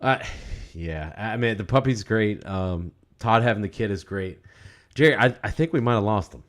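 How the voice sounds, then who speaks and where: A man's voice: on the low side, animated, moderate pace. A man co-hosting a podcast, laid-back and joking, laughing often. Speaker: podcast co-host. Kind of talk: casual chat.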